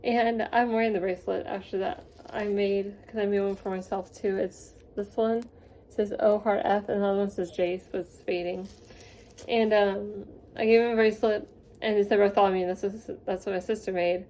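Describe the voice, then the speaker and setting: A young woman telling a rambling, gushing story in a casual vlog, excitable and quick to get carried away. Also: mid-range voice, slight background noise. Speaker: vlogger.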